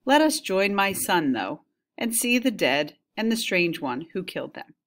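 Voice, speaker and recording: A woman's voice: medium pitch, sing-song. A woman reading as a wary queen. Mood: doubtful. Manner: measured reading aloud. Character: wary grieving queen, doubtful and careful.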